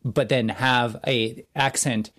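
A man's voice: medium pitch, steady tone, slow, a bit bright. A man co-hosting a casual chat, thoughtful and explanatory, with frequent fillers and restarts. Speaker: podcast co-host.

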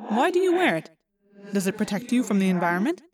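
A woman's voice: medium pitch, big pitch swings, fast talker, darkish tone, natural voice. A woman reading an audiobook, voicing a solemn, curious young male alien who speaks formally. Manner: formal, careful phrasing.

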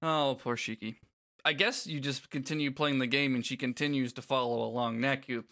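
A man's voice: mid-range voice, steady tone, a little fast, bright, forceful tone. A man co-hosting a casual podcast, reading game dialogue aloud and joking with profanity. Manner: profane, jokey, laughs often. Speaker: podcast co-host.

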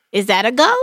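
A young woman co-hosting a casual chat, chatty and quick to laugh. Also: medium pitch, gravelly, a bit bright, dry recording, clean studio sound. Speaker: podcast co-host.

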